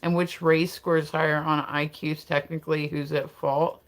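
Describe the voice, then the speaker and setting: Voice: medium pitch, flat delivery, normal speed. Livestream host, loose and rambling, heavy on fillers, laughs often. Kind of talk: casual livestream chat.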